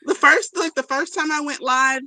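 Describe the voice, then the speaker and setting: A woman's voice: high-pitched, normal speed, pushed and bright, no echo, rough recording. A woman with a slight Southern accent, upbeat and giggly, reading out viewer comments as co-host of a home crochet livestream. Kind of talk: casual livestream chat.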